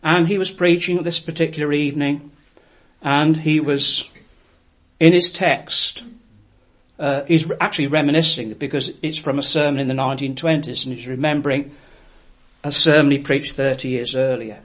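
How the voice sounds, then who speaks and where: Male preacher, fairly high voice, earnest reflective storytelling in a sermon. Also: steady tone, normal speed, fairly bright tone.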